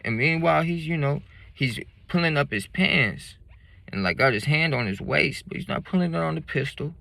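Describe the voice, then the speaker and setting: A man's voice: fairly high pitch, animated, moderate pace, gravelly, sharp tone, no room sound. Man, casual storytelling, blunt street slang, profane, dry close sound.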